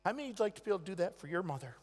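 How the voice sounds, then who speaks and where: A man giving a motivational convention speech, telling stories dramatically and swinging between loud and hushed delivery. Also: sits high, sing-song, rapid-fire, background noise. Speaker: motivational speaker. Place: large convention hall. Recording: echoey convention hall.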